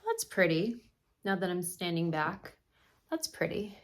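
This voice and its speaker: A woman's voice: fairly low pitch, very animated, unhurried. A middle-aged woman talks through a makeup tutorial in a casual, chatty way. She gives her opinions freely as she works on her face. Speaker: makeup artist.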